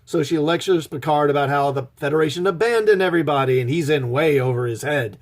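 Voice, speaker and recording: A man's voice: fairly high pitch, quick pace, hardly any pauses. Sarcastic man recapping a show. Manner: sarcastic, mocking. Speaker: show reviewer. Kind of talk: casual sarcastic episode recap.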